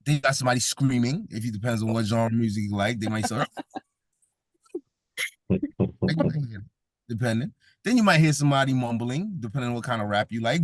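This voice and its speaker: Lively man giving a joking talk. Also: mid-range voice, fairly quick, dry recording, studio quality. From Brooklyn, New York. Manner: joking, audience-engaging, laughs often. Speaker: event speaker. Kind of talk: comedic motivational talk.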